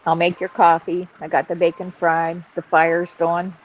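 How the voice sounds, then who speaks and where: A man's voice: on the high side, monotone, normal speed, muffled recording, a little hiss or hum. A man joining a casual group chat over a call, full of teasing banter.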